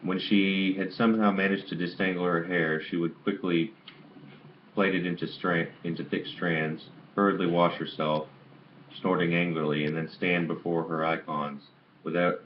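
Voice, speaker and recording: A man reading a novel aloud in an amateur way, stumbling and restarting on some words, on a dull lo-fi recording with faint hiss. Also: low voice. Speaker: audiobook reader.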